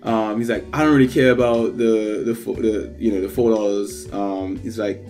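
A man's voice: lowish voice, steady tone, moderate pace, a little mellow, soft background music. A man casually telling a long personal anecdote, full of fillers, acting out what others said. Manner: rambling anecdote with many fillers, acts out quoted voices. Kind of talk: casual storytelling chat.

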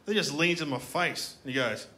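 A man's voice: a little high, fairly quick, bright, forceful tone. A middle-aged Australian man performing a stand-up comedy routine on a festival stage, telling a story and acting out the characters in it. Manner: storytelling with acted-out characters and punchlines. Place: comedy festival stage before a live audience.

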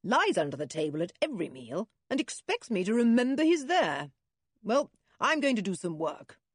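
A gruff, impatient middle-aged father snaps from the page of a children's storybook, put on by a woman reader. The voice is husky and dry, with a lively swing in pitch. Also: measured pace, no room sound. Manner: gruff and irritable. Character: impatient hot-tempered scientist father, middle-aged man.

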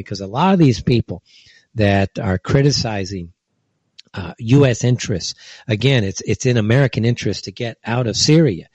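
A man hosting an online opinion show, talking in a heated, scornful way, with his voice jumping high when he is indignant. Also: darkish tone, no echo. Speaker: political commentary host. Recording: dull lo-fi dry recording.

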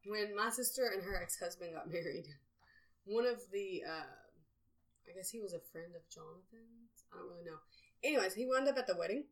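A woman's voice: medium pitch, fairly quick. A young woman, a guest soon to be married, recounting a wedding mishap in a plain, matter-of-fact way. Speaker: podcast guest, bride-to-be. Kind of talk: casual chat.

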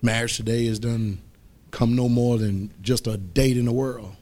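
A man preaching a sermon as pastor, rising to loud exhortation and dropping to soft asides. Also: medium pitch, fairly even intonation, normal speed. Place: church.

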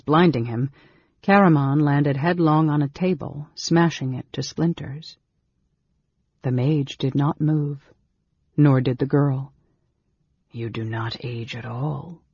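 A man reading a fantasy novel aloud as an audiobook narrator, in a measured, dramatic way. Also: fairly high pitch, a little mellow, slightly rough, dry recording. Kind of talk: scripted narration. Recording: dull lo-fi recording.

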